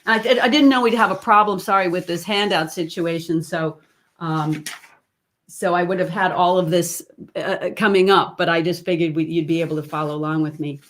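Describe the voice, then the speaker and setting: A woman's voice: lowish voice, fairly even intonation, moderate pace. Chatty woman teaching a voice webinar. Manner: chatty, demonstrates sounds and sung snippets mid-explanation. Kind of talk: online webinar lesson.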